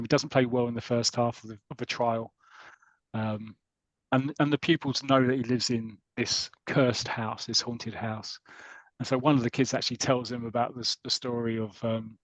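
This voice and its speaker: A podcast co-host casually retells a comic story in a mid-range, slightly bright voice, rambling through asides, quoting lines, and laughing. The recording is dry and the audio poor.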